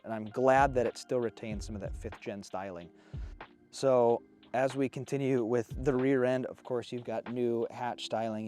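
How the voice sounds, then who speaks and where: A man in his thirties giving an enthusiastic, casual walkaround review of a new truck outdoors, a bit out of breath. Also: mid-range voice. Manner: enthusiastic, excitable. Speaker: off-road vehicle reviewer.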